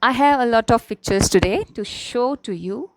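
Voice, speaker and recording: A woman's voice: on the high side, animated, normal speed, dry recording, low-quality recording. A young adult woman teaching an online class, patiently explaining and repeating key words, often checking in with "okay?". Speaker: English teacher. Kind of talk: slow, simple classroom explanation.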